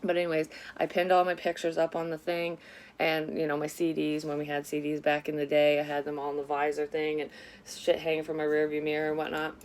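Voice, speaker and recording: A woman's voice: sits low, completely flat delivery, a little fast, a little mellow, slight background noise. A woman in her thirties telling a personal story in a candid, rambling way, swearing freely, as a psychic medium vlogger. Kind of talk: casual story-time monologue.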